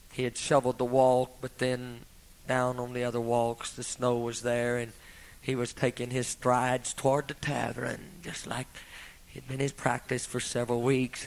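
A man preaching a sermon with dramatic swings between loud, impassioned peaks and hushed whispers. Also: medium pitch, poor audio.

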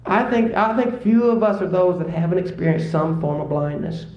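A man's voice: normal speed, dull audio. Echoey preacher man telling a story. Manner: storytelling, rising to excited high-pitched exclamations. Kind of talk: sermon. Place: church service.

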